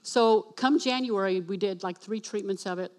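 This medium-pitched woman is a church speaker and worship leader giving her testimony. Her storytelling is lively, acting out each bit of dialogue, and she spells out words slowly to stress them.

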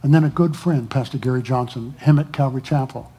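A pastor speaking to his congregation, exhorting people not to go through hard times alone and pausing often with fillers. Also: medium pitch, warm tone, slightly rough. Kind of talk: testimony to a church congregation.

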